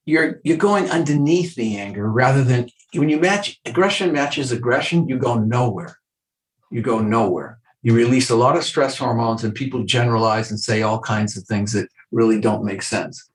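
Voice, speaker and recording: A man's voice: medium pitch, animated, moderate pace, reverberant, rough recording. An older man, a clinical psychologist, talking earnestly in a podcast interview and acting out short exchanges with patients. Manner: earnest, acts out dialogue from patients.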